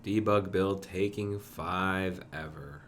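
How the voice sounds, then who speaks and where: A man's voice: deep voice, slow, fairly bright tone, a little hiss or hum. A man streaming himself coding, thinking aloud and muttering to himself in a casual way. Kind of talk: casual live-coding commentary.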